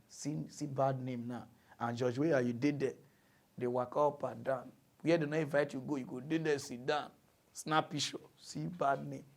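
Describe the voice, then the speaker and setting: A man with a Nigerian Pidgin accent hosting a mock news show, delivering a mocking comic monologue. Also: a little high. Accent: Nigerian Pidgin English. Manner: animated, mocking, breaks into shrieking impressions. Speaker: comedy news host.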